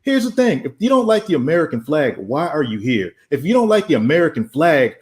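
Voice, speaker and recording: A man making a heated argument as a guest on an online panel. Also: a little high. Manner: emphatic, argumentative. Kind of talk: heated casual debate.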